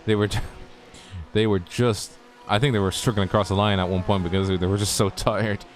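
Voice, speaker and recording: A man's voice: fairly low pitch, fairly even intonation, normal speed. A man co-commentating a motor race, making dry, teasing remarks. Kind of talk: casual co-commentary chat.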